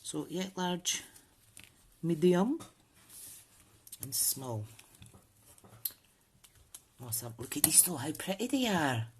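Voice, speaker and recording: A woman's voice: deep voice, very animated, slow, pauses often, slight background noise. A woman hosting a casual crafting tutorial, chatting and thinking aloud with frequent ums. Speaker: papercraft channel host.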